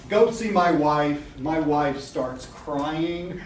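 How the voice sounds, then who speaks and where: A middle-aged man giving a live seminar talk to an audience. He is animated and blunt, laughs often and swears casually. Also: fairly high pitch, extremely slow. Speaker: marketing coach presenting a seminar. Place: event room with a live audience. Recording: echoey room from a distance, noisy.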